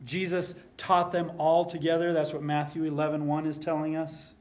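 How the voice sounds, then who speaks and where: A man preaching a sermon as pastor, earnest, repeating key lines for emphasis and dropping to a soft hush at times. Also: a little high, level tone, moderate pace.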